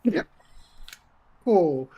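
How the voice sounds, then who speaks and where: A woman's voice: extremely slow, lo-fi sound. Giggly rambling woman playing a tabletop game. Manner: rambling, giggly, self-interrupting. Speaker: player. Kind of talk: casual tabletop play.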